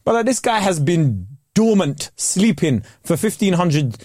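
A young man in casual chat, animated and slangy, often jumping up in pitch for emphasis. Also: measured pace, dry recording, clean studio sound.

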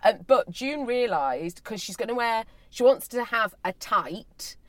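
A woman chatting in a casual conversation, chatty and quick to react, slightly unwell. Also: on the high side, expressive, no room sound. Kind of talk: casual chat.

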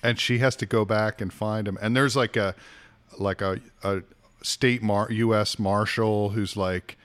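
A man with a fairly low voice, talking loosely as a podcast co-host. He rambles, backtracks and restarts while he recommends shows in relaxed chat. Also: measured pace. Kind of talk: casual chat.

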